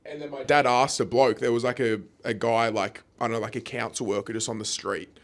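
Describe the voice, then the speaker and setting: Aussie bloke co-hosting a podcast, swears a lot, loose chatty banter. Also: male voice, mid-range voice, brisk. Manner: swears freely, lively and matey. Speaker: podcast co-host. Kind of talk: casual chat.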